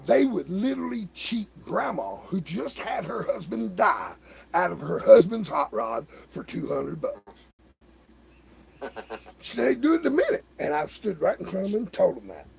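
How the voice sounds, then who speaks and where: A middle-aged man hosting a livestream, telling rambling stories in a casual, animated way, swearing and laughing as he acts out other people's lines. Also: high-pitched, moderate pace, gravelly. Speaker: livestream host. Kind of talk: casual storytelling chat.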